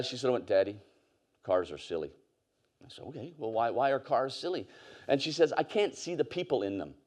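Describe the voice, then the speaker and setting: A man's voice: a little high, a little mellow. A man gives a casual, anecdote-driven conference talk on stage, full of fillers and asides. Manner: conversational, storytelling, with fillers and laughs. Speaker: conference speaker.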